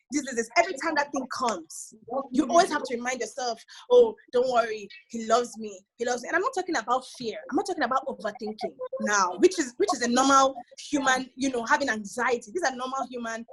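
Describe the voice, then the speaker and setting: A woman's voice: high voice, poor audio. A woman with a Nigerian accent, a guest on a casual panel, talking earnestly and emphatically. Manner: earnest, emphatic, often asks "do you understand?".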